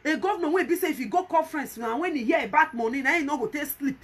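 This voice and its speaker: A woman's voice: sits high, racing, a bit bright. A woman with a Nigerian Pidgin accent giving emphatic, repetitive vlog commentary and pleading with viewers. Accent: Nigerian Pidgin English. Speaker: vlogger.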